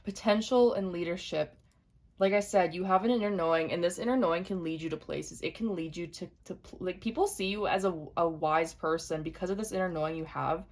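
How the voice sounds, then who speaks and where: A young woman giving an intuitive tarot reading to camera, speaking gently and repeating her points straight to the viewer. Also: on the low side, brisk. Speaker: tarot reader.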